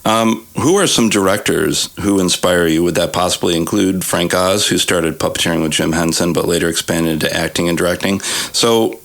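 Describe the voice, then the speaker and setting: A man's voice: sits low, fairly even intonation, fairly quick, gravelly, hardly any pauses, a bit bright. A man hosting a podcast interview, asking questions and often chiming in with short agreements. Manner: affirming, frequent short agreements. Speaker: podcast host. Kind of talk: casual interview chat.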